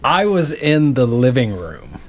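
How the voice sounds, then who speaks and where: A man's voice: mid-range voice, sing-song, unhurried. A young man co-hosting a podcast, telling crude stories with his friends and laughing often as he goes. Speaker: podcast co-host. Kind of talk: casual chat.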